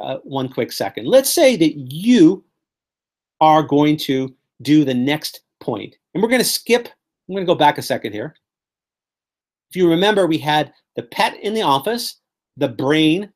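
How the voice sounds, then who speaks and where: A man teaching a room full of people, his pitch swinging up and down as he spins colorful little scenes. His delivery is playful and animated, like a presenter who enjoys painting pictures with words. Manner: animated, playful storytelling with vivid imagery. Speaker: presenter teaching memory techniques. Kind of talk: live workshop teaching.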